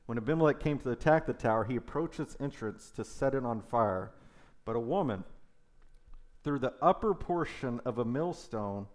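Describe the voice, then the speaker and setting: A male preacher with a mid-pitched voice works through a Bible passage in his sermon. He reads the narrative steadily and drops in casual asides to his listeners as he goes. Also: normal speed. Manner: reads scripture aloud with lively conversational asides. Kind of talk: sermon with scripture reading.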